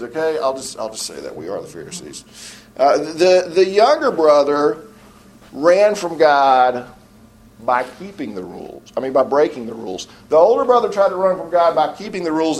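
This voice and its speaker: Preacher with halting emphasis. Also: male voice. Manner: halting restarts, slow emphatic phrases dropping low at sentence ends. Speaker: pastor. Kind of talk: sermon.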